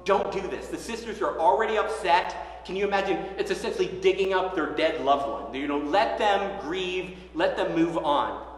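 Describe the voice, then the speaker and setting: A man preaching a sermon, retelling the story in a lively, conversational way and acting out the characters' lines. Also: high-pitched, moderate pace, few pauses. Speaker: pastor. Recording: echoey hall.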